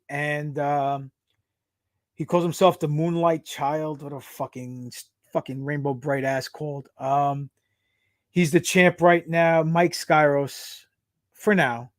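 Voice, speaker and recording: A man's voice: on the high side, dry recording, clean studio sound. A man from the United States talking as an interview guest, brash and joking, swearing freely. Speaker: guest, pro wrestler. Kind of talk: casual interview chat.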